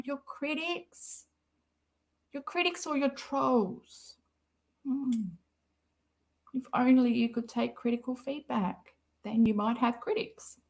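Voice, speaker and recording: Aussie woman on a live stream, slow and a bit high pitched, sarcastic and rambly. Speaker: live-stream commentary host. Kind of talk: casual live-stream commentary.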